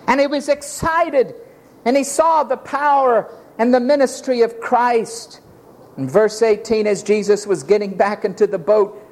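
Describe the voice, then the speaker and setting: A man preaching a sermon in an animated, dramatic way, acting out the scenes as he tells them. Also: very high-pitched, normal speed.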